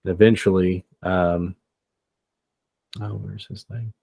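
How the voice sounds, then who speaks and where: Low-voiced man narrating a tabletop game. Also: steady tone, slow, gravelly, warm tone, slightly rough, no room sound. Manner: hesitant, with many fillers. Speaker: game master.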